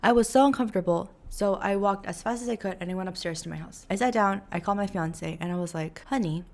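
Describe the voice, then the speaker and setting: A young woman vlogs in a loose, chatty way, full of fillers and "like". Her voice sits at an ordinary middle pitch for a woman. She keeps acting out little quotes as she tells her story. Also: quick pace, creaky. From New York, USA. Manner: chatty, animated, lots of fillers and acted quotes. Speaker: vlogger. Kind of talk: casual storytelling vlog.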